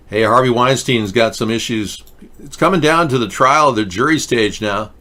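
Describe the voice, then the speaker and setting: A man's voice: medium pitch, moderate pace, sharp tone. A man hosting a show, talking in a casual, rambling, jokey monologue full of asides. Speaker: host.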